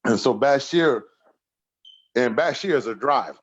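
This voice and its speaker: A man's voice: medium pitch, animated, unhurried, husky, dull audio. A man in his sixties, a podcast guest telling humorous stories with frequent laughter. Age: 60s. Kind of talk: casual storytelling interview.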